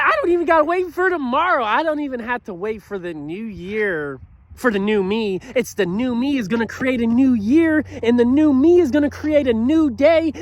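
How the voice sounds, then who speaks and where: A man in his thirties delivers an earnest, preachy motivational talk to camera, repeatedly asking "you know what?" and swinging between loud bursts and quiet, low stretches. A little hiss or hum is audible.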